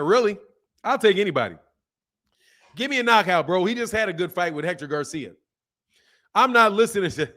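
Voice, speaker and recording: A boxing channel host reads super chats and comments on his livestream in a high-pitched, strained, bright voice. He keeps things casual, laughing often and mimicking people.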